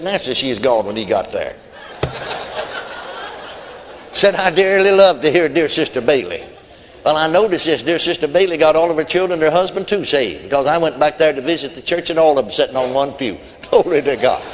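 A man's voice: on the high side, expressive, fairly quick, long reverb tail, a little hiss or hum. A man preaching a sermon, telling folksy stories with quoted voices and chuckles. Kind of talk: sermon storytelling.

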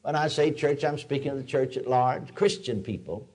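A man's voice: mid-range voice, moderate pace, darkish tone. An older man preaching a sermon in a folksy, storytelling way, building to emphatic declarations.

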